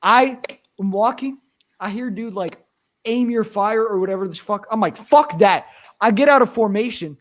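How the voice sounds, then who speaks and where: A young streamer from Pennsylvania tells a story in casual chat, swearing a lot and full of animated energy. His voice sits high and his pace is moderate.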